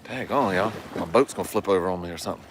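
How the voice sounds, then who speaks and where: Low-pitched and talking very fast over a noisy background, a man livestreams fishing from a lake shore on his phone camera. He keeps up casual chat and jokes with the people watching.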